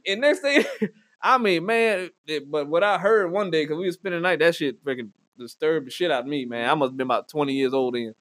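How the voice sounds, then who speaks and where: A man with a notably high voice for a man hosts a podcast, spinning crude comic stories. He talks in an animated way, swears freely and keeps breaking into laughter. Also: fairly quick. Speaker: podcast host. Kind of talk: crude comedic storytelling. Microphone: studio podcast mic.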